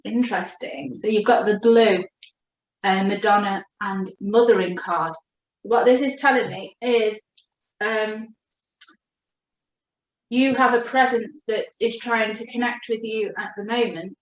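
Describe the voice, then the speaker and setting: A woman giving a gentle, reassuring spiritual chakra reading as a coach. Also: medium pitch, fairly even intonation. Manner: gentle, reassuring, speaks slowly when addressing her guide. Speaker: oracle card reader and coach. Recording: echoey room.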